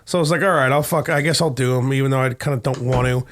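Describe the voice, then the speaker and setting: A man on a casual podcast, telling a long, profane, rambling story and mimicking other people in a higher voice. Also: steady tone, racing, fairly bright tone, slight background noise. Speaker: podcast co-host. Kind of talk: casual chat.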